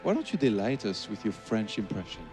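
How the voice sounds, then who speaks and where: A man's voice: lowish voice, big pitch swings, brisk, darkish tone, soft background music. A man, an esports commentator, chatting casually, teasing and laughing often. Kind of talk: casual chat.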